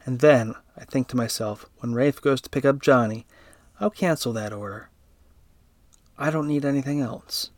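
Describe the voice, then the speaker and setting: A man reading a first-person story aloud in a steady, even narrating voice. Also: medium pitch, normal speed, dry recording.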